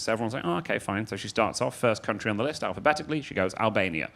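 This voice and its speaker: Racing through his set, this thirty-something Manchester comic has a low-ish, creaky, expressive voice and a Mancunian accent. He delivers dry, sardonic stand-up and chats with the audience at a comedy club, where loud laughter and applause ring out.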